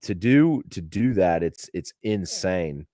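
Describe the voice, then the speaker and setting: Podcast host, male with a lowish voice, loose rambling delivery, swears freely, dry close-miked sound. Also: lively intonation, slow, dark tone, no echo. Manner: rambling, profane, laughing as he talks. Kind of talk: casual storytelling to a live audience.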